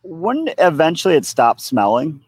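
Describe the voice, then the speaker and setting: A man's voice: on the high side, very animated, normal speed, darkish tone, husky. Dry-humored man co-hosting a podcast. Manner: dry, teasing interjections. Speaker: podcast co-host. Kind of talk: casual chat.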